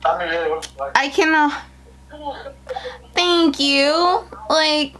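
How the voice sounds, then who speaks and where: A young woman filming a casual unboxing vlog on her phone at home, gushing and excitable, jumping into high squeals. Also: extremely slow. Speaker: beauty vlogger starting a business. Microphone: phone camera.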